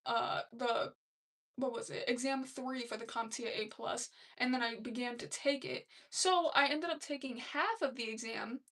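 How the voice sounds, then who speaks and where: A woman's voice: high voice, fairly bright tone, distant mic. A young woman hosting a casual live stream, chatting loosely and laughing as she reads comments aloud. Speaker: livestream host.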